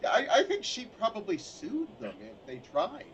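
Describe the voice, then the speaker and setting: A man's voice: sits high, huge pitch swings, moderate pace, fairly bright tone, slight background noise, low-quality recording. A man hosting a talk show, chatting casually and laughing often. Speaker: show host. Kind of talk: casual chat.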